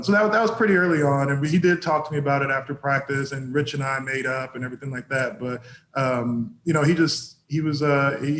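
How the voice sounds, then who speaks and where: A man's voice: fairly high pitch, fairly bright tone, roomy sound, slight background noise. A former football player telling anecdotes in a casual interview, often laughing as he goes.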